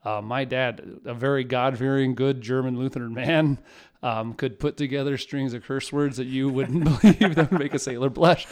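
Man, forties, smooth resonant voice, casual storytelling, rambling, self-mocking. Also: medium pitch, steady tone, normal speed, a little mellow. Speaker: podcast guest.

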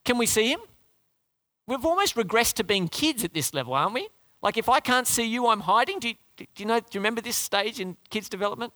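A man preaching a sermon in a lively, conversational way, often asking the congregation questions. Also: very high-pitched, fast talker, no echo. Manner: lively, conversational, asks the crowd questions, restarts.

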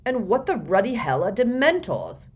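Loud, bullying middle-aged man, read by a woman, roaring and blustering in a storybook. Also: medium pitch, sing-song, moderate pace, breathy edge, pitched above the performer's own voice. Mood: furious.

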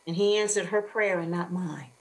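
A woman author, a guest on an interview show, telling a faith-filled personal story in an animated, expressive way. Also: on the low side, moderate pace, low-quality recording.

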